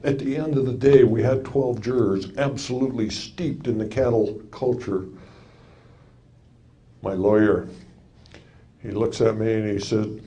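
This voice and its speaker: A man's voice: lowish voice, steady tone, measured pace, long pauses, dark tone. An older man telling a courtroom story to a live audience in a folksy, wry way, landing punchlines and acting out quotes.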